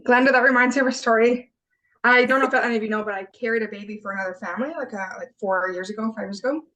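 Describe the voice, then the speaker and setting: A woman's voice: a little high, steady tone, racing, pushed and bright, poor audio. A young adult woman chatting casually on a group video call, peppering her speech with "like". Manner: casual, heavy use of "like". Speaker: coaching group member.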